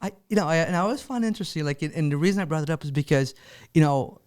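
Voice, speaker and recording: A male podcast host with a fairly high voice rushes through his questions. He restarts his sentences often and laughs easily as he chats with his guest. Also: a little mellow, clean tone. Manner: eager and fast, with false starts and laughs. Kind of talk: casual interview chat.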